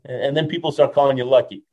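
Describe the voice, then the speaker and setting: A man in his fifties, a motivational speaker telling stories as an interview guest, lively, laughing often and ending lines with a quick "right?". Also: mid-range voice, lo-fi sound. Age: 50s. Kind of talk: storytelling in a casual interview.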